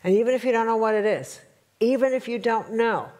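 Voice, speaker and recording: A woman teaching a spiritual workshop to a live audience, telling stories in an animated way and checking in with her listeners. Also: on the high side, a little fast. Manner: animated, storytelling, addresses audience with rhetorical checks.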